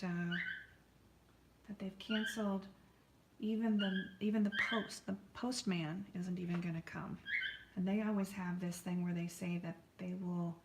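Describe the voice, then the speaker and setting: A woman's voice: fairly low pitch, noisy background. Chatty American woman in an echoey studio. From United States. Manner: rambling and friendly, talks to viewers by name. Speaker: artist hosting a live painting stream. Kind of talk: chatty live-stream talk while painting. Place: art studio.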